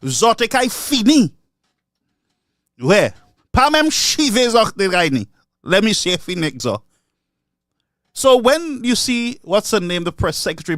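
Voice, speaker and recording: A man with a Saint Lucian accent delivers a mocking political commentary, slipping between English and Creole. His voice sits high for a man. The recording is dry, with no room sound. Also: fairly bright tone, no room sound. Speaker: online commentator.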